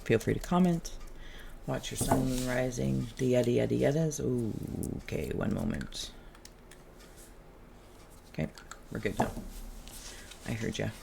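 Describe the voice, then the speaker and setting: A tarot reader hosting a relaxed, channeled reading, who talks in a musing, chatty way and drifts into humming and asides. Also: medium pitch, measured pace, vocal fry, pauses often, noisy background.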